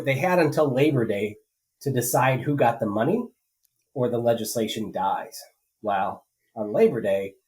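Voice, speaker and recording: A man's voice: mid-range voice, a little mellow, rough recording. Rambling man in casual political chat. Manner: rambling, conversational, with many fillers and restarts. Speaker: state legislator co-hosting a political podcast. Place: rural home.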